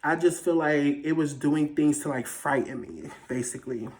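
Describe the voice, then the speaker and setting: A vlogger casually telling a personal story in a dramatic, animated, slangy way. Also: mid-range voice, normal speed. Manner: slangy, conversational.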